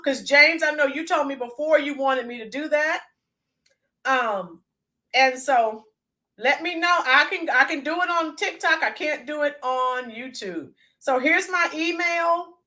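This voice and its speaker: A woman hosts a casual livestream, chatting with viewers and greeting them by name. Her voice sits high, bright and forceful, and she reads out names and bursts into sung snippets.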